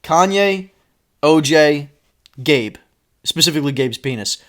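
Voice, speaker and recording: A man's voice: on the high side, lively intonation, measured pace, fairly bright tone. A man co-hosting a casual podcast, teasing his friend, rambling through stories and swearing freely. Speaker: podcast co-host. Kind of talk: casual chat.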